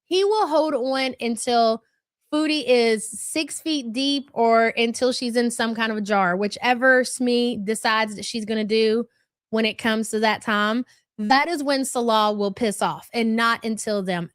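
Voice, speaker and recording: A woman's voice: on the high side, a little slow, no echo, clean studio sound. Chatty, gossipy woman streaming from home. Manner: chatty, gossipy, reads viewer comments aloud. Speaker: live-stream commentary host. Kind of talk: casual live-stream commentary.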